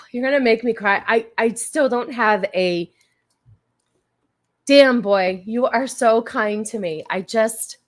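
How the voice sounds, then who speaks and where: A woman's voice: on the high side, slow pace, long pauses. A woman hosting a casual livestream who chats with her viewers. She is blunt, crude and joking, and she thanks her supporters effusively. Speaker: livestream host.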